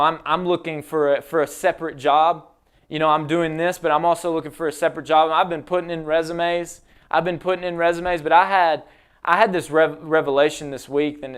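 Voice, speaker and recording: A man's voice: on the high side, clean tone. A young man preaching a sermon in an earnest, conversational way, acting out quotes as he goes. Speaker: pastor. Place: church, livestreamed.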